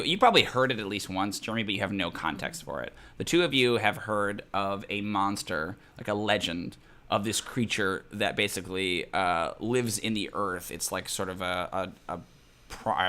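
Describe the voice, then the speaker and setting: Male DM, lowish bright voice, rambling casual narration, faint noise behind. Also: animated, normal speed. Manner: loose, rambling narration full of likes and fillers. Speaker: dungeon master. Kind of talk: narrating a tabletop game.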